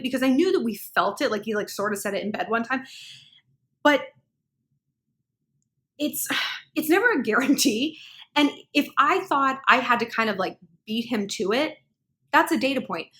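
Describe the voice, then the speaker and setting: Chatty woman vlogger, fairly high voice. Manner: chatty, animated, many "like"s, acts out quoted dialogue. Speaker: relationship advice vlogger. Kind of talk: casual storytelling to camera.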